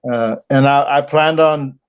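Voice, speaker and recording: A man calling in to a livestream who chats casually and haltingly about his comic project. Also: medium pitch, clean tone, muffled recording. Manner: halting, many fillers and restarts. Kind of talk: casual chat on a call.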